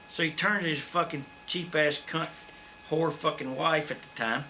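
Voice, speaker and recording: A man's voice: on the high side, normal speed. A man in his fifties with a drawl, telling blunt, profane stories in a shoot interview. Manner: blunt, profane, animated storyteller. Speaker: interview guest, former wrestler. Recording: faint background noise.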